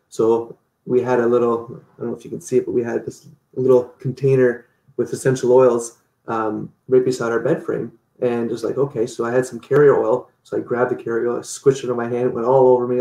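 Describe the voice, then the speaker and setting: A man being interviewed, telling stories in a lively way and acting out what people said. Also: mid-range voice, reverberant. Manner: animated storytelling, acts out quotes. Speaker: guest. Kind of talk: casual interview.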